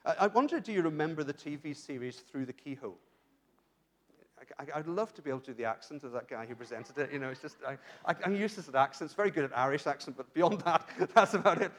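British male pastor, high-pitched, earnest sermon delivery with frequent restarts. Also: expressive, fast talker, a bit bright. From Britain. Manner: earnest, asks rhetorical questions, frequent restarts.

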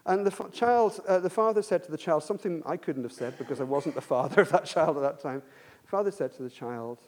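A man preaching a sermon, swinging between hushed questions and loud emphatic bursts, telling stories with frequent restarts. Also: a little high, lively intonation, quick pace.

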